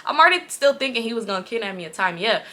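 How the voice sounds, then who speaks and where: A woman in her twenties from California telling a storytime vlog in an animated, profane way, acting out what others said. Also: fairly high pitch, racing. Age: 20s. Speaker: vlogger.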